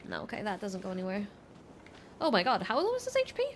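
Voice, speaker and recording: A woman's voice: mid-range voice, huge pitch swings, fast talker, a little hiss or hum. A young woman livestreaming a video game, giving playful, teasing running commentary to her chat and her in-game companion. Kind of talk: casual gameplay commentary.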